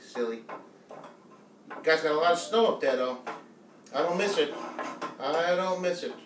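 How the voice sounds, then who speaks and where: A man hosting a live home cooking stream, chatting playfully and joking with viewers as he cooks. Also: high voice. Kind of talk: casual live cooking chat. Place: home kitchen. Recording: echoey room, mic at a distance, music playing faintly.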